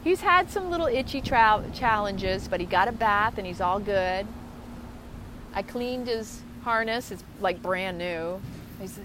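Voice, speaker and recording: Woman co-host, casual outdoor live chat, effusive and talkative, mid-range voice, clear traffic and ambient noise behind. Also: medium pitch. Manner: chatty and effusive, greeting viewers by name. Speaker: co-host of an online live show. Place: outdoors at a waterfront. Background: outdoor ambience and passing vehicles.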